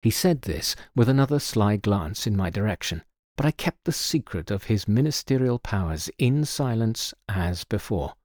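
A man narrating a mystery story in a scripted, expressive storytelling manner. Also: on the low side, normal speed, dry recording, clean studio sound.

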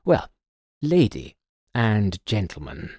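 A man voicing a silver-haired gentleman detective who speaks in a measured, authoritative and sly way. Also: on the low side, wildly swooping pitch, husky, dry recording, clean studio sound, heavily acted. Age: older. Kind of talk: audiobook character voice.

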